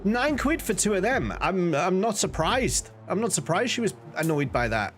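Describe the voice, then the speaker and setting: A man from the north of England talks loosely to his stream chat, his pitch bouncing around a lot. He laughs easily and reacts to messages as they come in. Soft music plays quietly underneath. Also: very animated, normal speed. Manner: chatty, laughs often, reads chat aloud. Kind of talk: casual live-stream chat.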